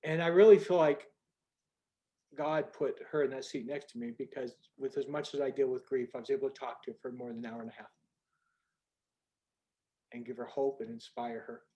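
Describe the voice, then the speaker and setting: An older man telling a personal story on a group video call in an earnest, conversational way, going soft at the moving parts. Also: mid-range voice, fairly even intonation, brisk, long pauses, highs cut off. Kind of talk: storytelling talk.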